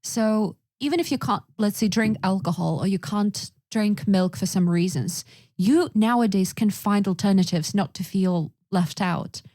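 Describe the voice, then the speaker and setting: A woman's voice: medium pitch, a little slow, mellow, no echo, clean studio sound. A woman from Russia co-hosting a podcast in casual chat, chatty and fond of acting out what people said. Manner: chatty, acts out quoted lines. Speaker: podcast co-host.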